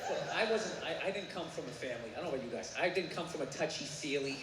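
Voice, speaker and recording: A man performing a stand-up routine on a theater stage, ranting and profane, often bursting into shouting. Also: a little high, lively intonation, racing. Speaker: stand-up comedian. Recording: roomy live venue with audience noise.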